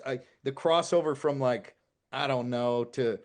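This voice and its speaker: A man's voice: mid-range voice, unhurried. A man talking as a guest on a casual podcast, impassioned and swearing freely, building to emphatic outbursts.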